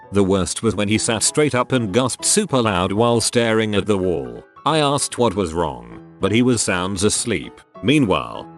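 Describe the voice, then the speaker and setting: A man reading online stories aloud as a narrator, with a steady storytelling delivery. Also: lowish voice. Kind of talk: scripted narration.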